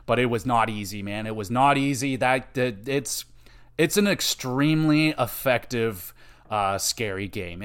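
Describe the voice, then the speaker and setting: Podcast guy, mid pitch, super profane, gets loud and jumpy acting out his scares. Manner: excitable, profane, swears constantly; acts out his own reactions with sudden loud outbursts. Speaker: podcast host. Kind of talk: casual gaming podcast chat.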